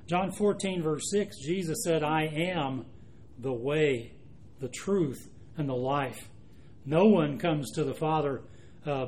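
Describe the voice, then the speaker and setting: A man preaching a sermon, speaking emphatically and slowing down to stress quoted scripture. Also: a little high, darkish tone.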